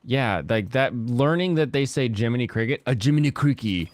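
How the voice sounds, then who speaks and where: A man hosting a casual chat while he plays a game, talking in a rambling, halting way with many fillers. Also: mid-range voice, lively intonation, dry recording. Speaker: host.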